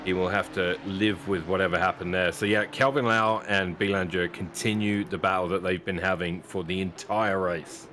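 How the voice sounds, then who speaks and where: A man calling a sim race live, steady and matter-of-fact. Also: deep voice, moderate pace, few pauses, slight background noise. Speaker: sim racing commentator.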